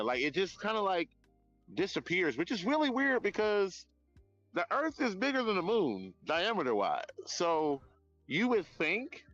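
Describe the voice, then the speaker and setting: A man live-streaming outdoors at night on his phone, chatting in a rambling, profane, animated way. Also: on the high side, muffled recording. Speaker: livestreamer. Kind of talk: casual live-stream chat.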